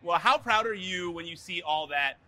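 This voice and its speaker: A man's voice: high-pitched, lively intonation, normal speed, pushed and bright. A male interviewer asking questions in a casual, playful way.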